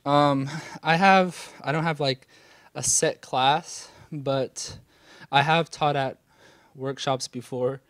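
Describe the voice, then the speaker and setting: A man's voice: mid-range voice, fairly even intonation, takes it slowly, fairly bright tone, dry recording. Thoughtful young man, dry close sound. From California, USA. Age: late teens. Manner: thoughtful, hesitant with many fillers. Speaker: interviewee, dancer. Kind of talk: casual interview.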